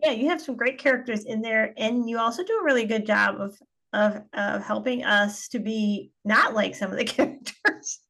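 Chatty woman podcast host, higher voice. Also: normal speed, creaky, fairly bright tone. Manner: chatty, laughs often between thoughts. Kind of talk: conversational interview.

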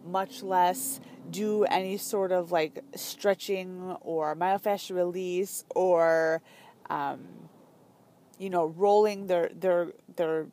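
A woman's voice: fairly low pitch, a little mellow. A woman talking as a fitness business coach in a casual, chatty way, full of fillers and emphatic asides.

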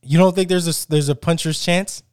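This sports podcast co-host has a fairly high, clear, resonant voice and speaks a little fast, with no room sound. He rants about football with animation, going off on tangents and restarting his sentences many times in casual banter.

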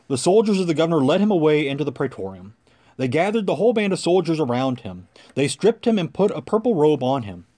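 A man doing a solemn scripture reading with a measured, reverent delivery. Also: mid-range voice, darkish tone. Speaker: scripture reader.

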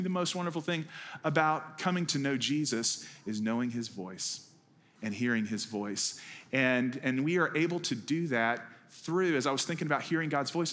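A man's voice: medium pitch, fairly bright tone. Conversational man preaching a sermon. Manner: conversational storytelling with wry humor. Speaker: executive pastor. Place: church.

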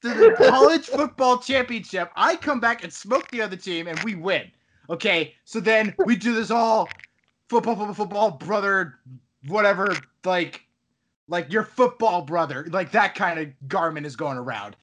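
A man's voice: sits high, normal speed, fairly bright tone, slight background noise. A man in casual chat, animatedly retelling a video game story and laughing as he goes.

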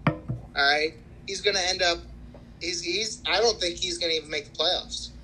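A man chatting casually about his fantasy league, boastful and halting, with lots of restarts. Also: high voice, noisy background.

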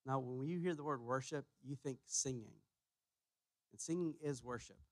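A man preaching a sermon as pastor, emphatic, repeating his key phrases and pushing louder on each point. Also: mid-range voice, normal speed, no room sound. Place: church sanctuary.

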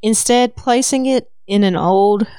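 A woman with a Southern accent hosts a casual podcast, retelling a story with easy laughs. Her voice is smooth and clear at a middle pitch, recorded close and dry. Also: measured pace, warm tone, no room sound. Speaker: podcast host. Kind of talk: casual book recap chat.

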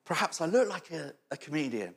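A man preaching in an echoey church hall. His voice sits a little high and swings widely as he tells funny stories and acts out the people in them. He laughs often along the way. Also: big pitch swings, brisk, gravelly. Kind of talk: sermon with humorous stories.

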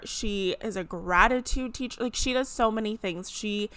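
A woman's voice: mid-range voice, fairly even intonation, moderate pace, few pauses, a bit bright, clean tone, no room sound. A young woman hosting her own podcast, talking earnestly and emotionally about her experience, with many casual fillers. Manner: earnest, emotional, tearful at moments, frequent "like" fillers. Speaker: podcast host. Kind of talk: heartfelt solo podcast talk.

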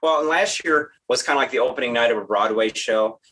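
A man's voice: mid-range voice, fast talker, bright, forceful tone, husky, poor audio. A man being interviewed as a festival organizer, explaining his plans earnestly, with frequent restarts. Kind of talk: casual interview chat.

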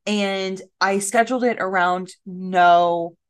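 A woman's voice: medium pitch, steady tone, slow, smooth. Young woman, podcast co-host, casual chat, chatty, filler-heavy, mid-range voice. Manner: chatty, lots of "like" fillers, acts out quoted talk.

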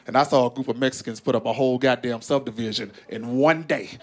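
A fast-talking Southern comic from Arkansas, USA, works a big live room, spinning profane, animated stories. He dramatically shifts pitch to voice different characters as the audience laughs loudly and noise fills the recording.

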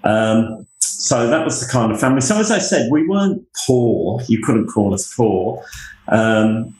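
A man's voice: mid-range voice, animated, a little slow, a little mellow, echoey room, low-quality recording. A middle-aged Englishman with a Northamptonshire accent, telling rambling, self-deprecating stories in an interview. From England. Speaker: interview guest, university leader. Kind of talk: conversational interview.

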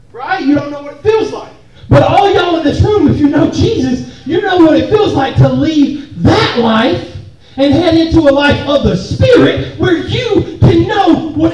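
Very high-pitched and a little mellow, a man's voice fills a church hall or meeting room, with slight background noise. He preaches casually to the audience, joking and calling out for responses. A distant mic picks him up in a very echoey room.

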